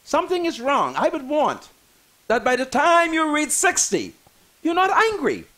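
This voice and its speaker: A man's voice: very high-pitched, wildly swooping pitch, normal speed, pushed and bright. A man, hosting a talk show and ranting theatrically about politics. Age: 60s. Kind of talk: fiery political rant on talk radio.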